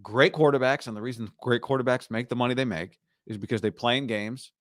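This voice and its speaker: A man's voice: mid-range voice, brisk, no room sound, studio quality. A man hosting a sports talk show, giving casual, emphatic commentary and repeating lines for punch.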